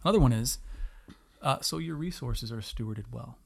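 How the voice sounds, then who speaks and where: Male co-host, thirties, mid-pitched, earnest scripture reader with an easy laugh. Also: lively intonation, vocal fry. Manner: reads verses slowly and earnestly, laughs easily. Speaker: podcast co-host. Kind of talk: casual chat with scripture reading.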